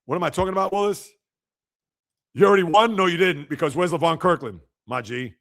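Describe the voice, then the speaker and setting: A man's voice: fairly high pitch, brisk, gravelly, a bit bright. A man hosting a sports livestream, chatting casually and teasing viewers as he reads and answers their comments. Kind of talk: casual live-chat banter.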